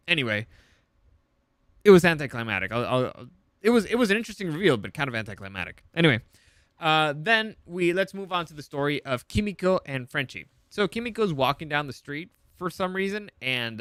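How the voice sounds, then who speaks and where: A man's voice: fairly high pitch, a bit bright, clear, resonant tone, dry recording, clean studio sound. A man casually recapping a TV episode, rambling and profane, full of fillers and restarts. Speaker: TV show reviewer.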